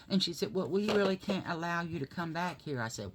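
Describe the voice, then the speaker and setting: A woman's voice: lowish voice, animated, moderate pace, a little hiss or hum. A woman chatting while she does her makeup and telling a story that grows heated. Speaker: vlogger. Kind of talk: casual chat while doing makeup.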